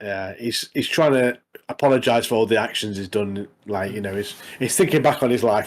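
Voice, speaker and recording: This co-host speaks in a lowish voice at a brisk clip, rambling through a casual recap of a TV episode on a podcast. He leans on tag questions such as "doesn't he" and "mate," and the recording sounds rough.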